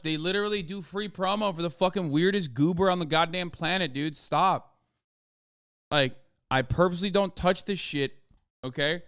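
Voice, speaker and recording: A man's voice: fairly high pitch, fairly bright tone, smooth, dry recording, clean studio sound. A swearing man hosting a livestream. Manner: profane, blunt and heated. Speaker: livestream host. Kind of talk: casual livestream commentary.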